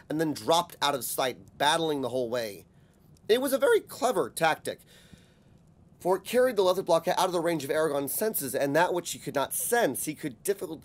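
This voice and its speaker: A man narrating a fantasy audiobook in a measured, steady reading voice. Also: on the high side.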